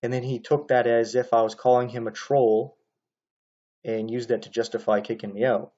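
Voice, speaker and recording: A man talks his way through a casual commentary, rambling and restarting his sentences, padding them with "uh" and "you know." His voice is mellow and relaxed. The recording is dull and lo-fi. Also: mid-range voice, moderate pace. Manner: rambling, frequent fillers and restarts.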